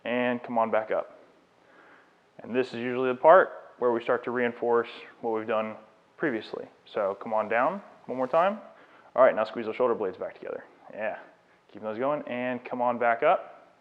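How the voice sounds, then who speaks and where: Here a fitness trainer with a mid-range voice keeps a moderate pace while coaching a client through exercises in a live demonstration lecture. He's encouraging and explains each step, in a fitness studio recorded with tinny, phone-like audio.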